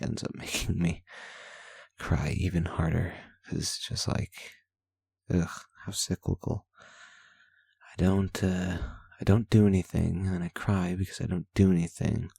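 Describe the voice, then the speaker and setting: A man's voice: sits low, fairly even intonation, normal speed, vocal fry, warm tone, breathy edge, dry recording. A man hosting a vlog, candidly reading his daily journal aloud, rambling and self-deprecating with blunt swearing. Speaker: vlog host.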